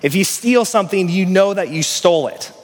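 A man in his thirties preaching a sermon as a pastor, telling stories conversationally and growing louder and animated on his key points. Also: high-pitched, brisk. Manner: conversational, animated storytelling, swells louder on emphasis. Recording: long reverb of a large hall.

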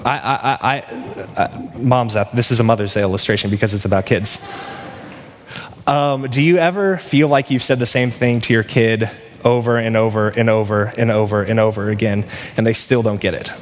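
A man preaching a sermon in a conversational way, acting out dialogue with lively restarts. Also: on the low side, normal speed. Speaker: pastor. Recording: long hall reverb.

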